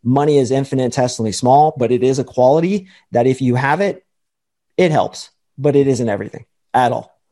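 A man's voice: medium pitch, a little fast, warm tone. A man speaking as a podcast guest and dating coach, lecturing emphatically and acting out quoted voices. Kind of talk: confident explanatory talk.

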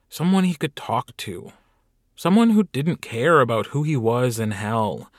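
A man reading an audiobook with wry, lively storytelling. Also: mid-range voice, no echo, studio quality. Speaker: audiobook narrator. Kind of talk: scripted narration.

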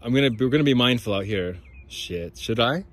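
A podcast host with a mid-range, expressive voice talks a little fast as he walks along a creek. The monologue wanders, is peppered with profanity, and addresses the audience as "guys."

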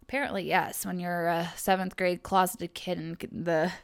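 A woman's voice: lowish voice, little pitch movement, unhurried, smooth, no echo, clean studio sound. Chatty, rambling young woman podcaster. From Kentucky, USA. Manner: chatty and rambling, with frequent fillers and self-corrections. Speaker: podcast host. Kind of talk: casual solo podcast monologue.

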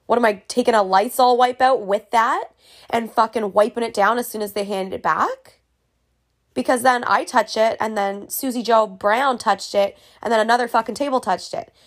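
A woman's voice: on the high side, steady tone, normal speed. A young woman casually ranting to camera in a vlog, profane and exasperated. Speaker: vlogger.

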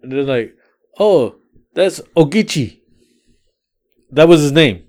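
A man co-hosting a casual podcast, telling relaxed stories about his rideshare rides. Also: a little high, takes it slowly. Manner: relaxed storyteller, swears casually. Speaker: podcast co-host; rideshare driver. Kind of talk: casual chat.

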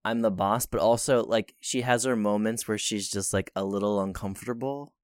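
A man's voice: fairly low pitch, steady tone, moderate pace, clean tone, no echo, clean studio sound. A young man co-hosting a podcast in casual chat, chatty, laughing easily and swearing casually. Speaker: podcast co-host.

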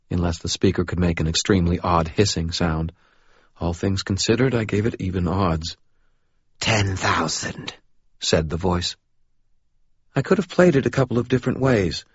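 A man's voice: fairly low pitch, breathy edge, dry recording, dull audio. A man narrating a first-person audiobook with a wry, hard-boiled delivery.

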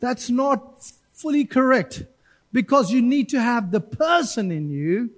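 High-voiced animated male pastor preaching. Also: measured pace. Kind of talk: sermon. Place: church.

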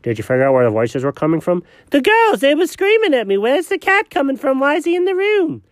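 A man voicing a high, excitable young male pet character who talks eagerly and jumpily. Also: fast, dry recording, full character voice. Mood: flustered.

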